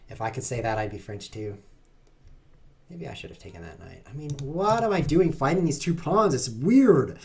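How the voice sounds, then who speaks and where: A man's voice: fairly low pitch, darkish tone, a little hiss or hum. A man streaming online chess, chatting to his viewers in a playful, self-mocking way as he plays. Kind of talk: live-stream commentary while playing.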